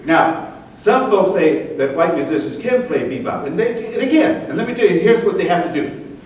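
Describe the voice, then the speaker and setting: Man playing a high, jive-talking jazz lover who scats and preaches; distant, echoey live room. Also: animated, moderate pace, a little mellow, a little hiss or hum. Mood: preaching. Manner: slangy, preaching, scatting rhythms. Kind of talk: live storytelling.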